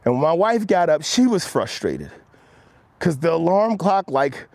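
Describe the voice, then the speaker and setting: Earnest motivational man, lively pitch. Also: unhurried, gravelly, no room sound. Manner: earnest, coaching, speaks directly to viewers; drops low and quiet when quoting himself. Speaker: motivational live-stream host. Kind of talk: walk-and-talk motivational live stream. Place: outdoors on a walk.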